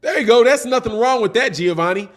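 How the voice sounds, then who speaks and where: Boxing talk-show host, male, pitched high for a man, exasperated casual livestream ranter. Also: expressive, a little fast. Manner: exasperated, ranting, peppers sentences with "man". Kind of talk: casual livestream commentary answering chat.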